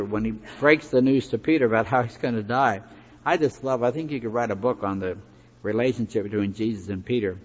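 A male preacher gives a sermon in a folksy, conversational way, with chatty asides and fillers. His voice sits at a middle pitch. The recording is dull and lo-fi, with the long echo of a big hall. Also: slightly rough.

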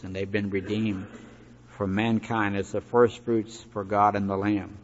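A man's voice: on the low side, steady tone, normal speed. Folksy male preacher in an echoey hall. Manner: folksy, conversational, with asides and fillers. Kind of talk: sermon. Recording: echoey hall, dull lo-fi recording.

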